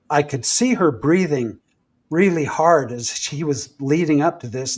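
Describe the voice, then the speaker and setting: A man's voice: fairly high pitch, darkish tone. A man retelling a personal story in casual live-stream chat, vivid and full of restarts. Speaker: podcast host. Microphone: home live-stream mic.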